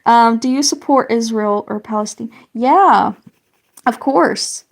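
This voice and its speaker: A woman's voice: on the high side, slow pace. A young woman chatting casually on a live stream while colouring, greeting viewers and reading out their comments with lots of fillers. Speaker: livestreamer.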